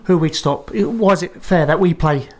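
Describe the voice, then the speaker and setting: A man's voice: fairly high pitch, moderate pace. A man chatting as a guest on a casual podcast, filling his talk with "you know". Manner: says "you know" a lot. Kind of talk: casual chat.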